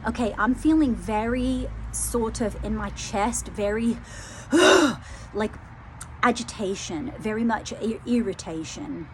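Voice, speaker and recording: A woman psychic medium doing a channelling reading, talking hesitantly, repeating phrases, softly moved. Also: fairly high pitch, unhurried, slight background noise.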